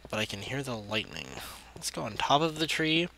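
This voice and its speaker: A man's voice: medium pitch, sing-song, normal speed, vocal fry, bright, forceful tone. A man hosting a let's play, talking to himself in a rambling way and easily startled by what happens in the game. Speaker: gaming channel host. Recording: noisy amateur mic recording.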